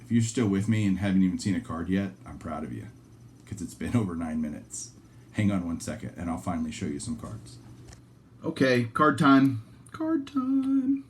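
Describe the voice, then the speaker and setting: Rambling low-voiced man chatting to camera. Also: brisk, mellow, slight background noise. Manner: rambling, talks in restarts and asides; candid and chatty with viewers. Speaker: card collecting channel host. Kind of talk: casual chat to camera.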